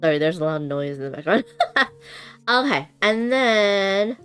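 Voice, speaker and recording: A woman's voice: mid-range voice, animated, moderate pace, fairly bright tone, clean tone. Bubbly woman streaming from home, chatty, lots of ums and laughs, faint music behind. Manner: bubbly, chatty, laughs often, many fillers. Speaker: board game streamer. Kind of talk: casual live-stream chat while unboxing. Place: home room with noisy bathroom upstairs.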